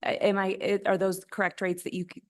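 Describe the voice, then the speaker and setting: A woman's voice: medium pitch, little pitch movement, quick pace. A woman state representative questioning a witness at a committee hearing, working through budget figures aloud with some stumbling.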